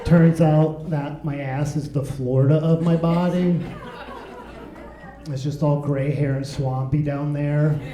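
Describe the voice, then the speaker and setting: A man's voice: on the high side, fairly even intonation, takes it slowly, warm tone, echoey room, lo-fi sound, a faint crowd. A man performing a stand-up comedy set in a club, wry and playful with absurd asides.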